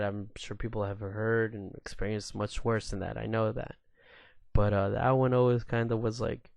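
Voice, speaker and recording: A man in his thirties tells stories on his own podcast in a low, unhurried voice. He talks loosely and swears freely, stopping often on fillers. The sound is dry and close to the mic. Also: level tone, creaky, darkish tone, dry recording. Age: 30s. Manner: loose and profane, with many fillers. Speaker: podcast host. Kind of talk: casual solo storytelling rant.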